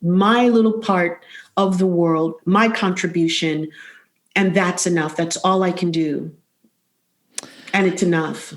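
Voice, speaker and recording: A middle-aged woman, a vocal coach, talking as a podcast guest in an expressive, rhythmic way, repeating phrases for emphasis. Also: on the low side, slow pace, long pauses. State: emotional, close to tears.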